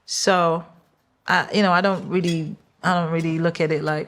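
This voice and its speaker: A woman in her forties with a London accent chats casually as a podcast guest. She talks in an animated way, laughs often and switches into high voices to quote people. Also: normal speed. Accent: London English. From London, England. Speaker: guest singer.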